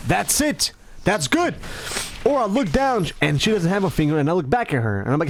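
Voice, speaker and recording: A man rambling in casual commentary, animated and self-mocking. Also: on the high side, a little fast, a little hiss or hum. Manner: animated, self-mocking, acts out his own lines. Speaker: gaming commentator.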